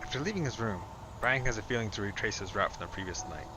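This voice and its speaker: A man narrating an audiobook in a steady, low-key way. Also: fast talker, music in the background.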